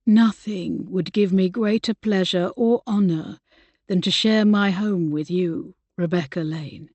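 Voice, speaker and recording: A woman voicing an earnest Regency gentleman who is no longer young, speaking softly and with heartfelt gentleness. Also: mid-range voice, measured pace, no echo, dull audio, lightly acted. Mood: tender. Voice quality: soft and husky.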